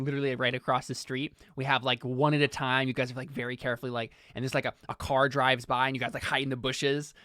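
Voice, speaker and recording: A player narrating a tabletop role-play scene, rambling along with a steady stream of "like"s. The voice sits at a middle pitch and sounds close and dry. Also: no echo. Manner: rambling with many "like"s.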